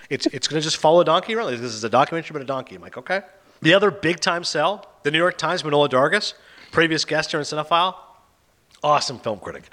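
A man hosting a casual chat, retelling film plots and reviews with an animated, sarcastic manner. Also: fairly high pitch. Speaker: podcast host reviewing films.

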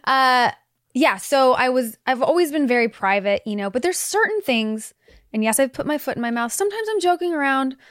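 A woman's voice: high-pitched, lively intonation, a little fast, fairly bright tone, no echo, studio quality. A woman in her forties chatting candidly as a podcast guest, laughing often and swearing casually. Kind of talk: casual chat.

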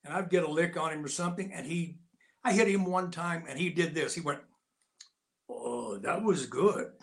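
An older man, a guest, telling lively personal stories in casual talk and acting out the voices of people in them. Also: on the high side, fast talker. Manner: lively anecdotal, acts out quotes. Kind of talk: casual storytelling.

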